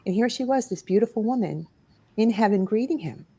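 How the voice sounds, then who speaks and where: A middle-aged woman from New York tells an emotional personal story in a studio interview. Her voice lifts and sinks with the story, and she speaks at a middle pitch. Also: brisk, breathy edge. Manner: expressive, rises and drops as she tells the story. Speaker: guest author and paranormal investigator.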